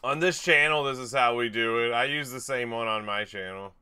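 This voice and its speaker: A man's voice: medium pitch, fairly quick, bright, forceful tone, slight background noise. A man hosting a casual livestream giveaway, reading out viewer names and chatting easily. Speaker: livestream host.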